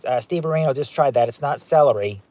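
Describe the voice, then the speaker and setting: A man's voice: mid-range voice, fast talker, a little mellow. A man hosting a live-stream game night, chatting as he reads out viewer guesses and rules on each one. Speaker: game show host.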